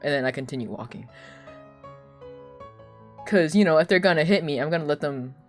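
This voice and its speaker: A young woman streamer telling casual stories, animated and laughing often, with lots of "like.". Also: low voice, fairly quick, soft background music. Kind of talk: casual storytelling chat.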